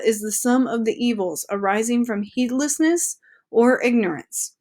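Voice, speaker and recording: A woman teacher reading an article aloud to her students in a chatty, upbeat way with casual asides. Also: fairly high pitch.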